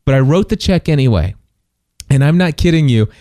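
A middle-aged man telling a personal story in casual chat, animated and full of restarts and quick laughs. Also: on the high side, dry recording, studio quality.

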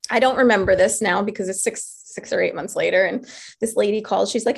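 A woman's voice: mid-range voice, fairly quick, creaky, slightly rough. A woman from New York telling her story casually, acting out voices and laughing often. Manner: animated, acts out her own and others' voices in quotes; laughs often while talking.

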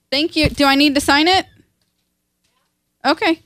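A woman co-hosting a casual book discussion at home, retelling scenes with quick quoted voices and frequent laughs. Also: high voice, fairly even intonation, a bit bright, no echo. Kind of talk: casual chat.

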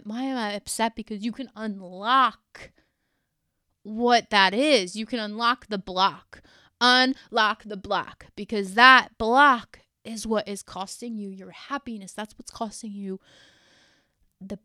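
A woman talks alone into a podcast mic, earnest and heartfelt, dropping casual fillers as she goes. Her voice sits a little high and sounds smooth and resonant. The sound is close and dry, with no room around it. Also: sharp tone, dry recording. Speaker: podcast host. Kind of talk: solo motivational podcast talk.

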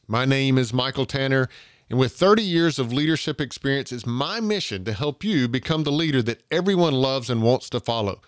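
A podcast host from Georgia with a Southern US accent conducts an interview earnestly, often restarting his phrases. His mid-range voice is clear and resonant, recorded dry with clean studio sound.

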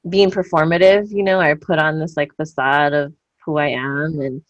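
A woman's voice: deep voice, fairly even intonation, normal speed, highs cut off, a crowd in the background. A woman in her thirties chatting candidly, telling personal stories with lots of fillers and acted-out quotes. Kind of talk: casual chat.

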